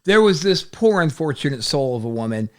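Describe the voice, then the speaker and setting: High-voiced man swapping stories. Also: a little fast. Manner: animated, laughing storyteller. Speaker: host. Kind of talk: casual chat.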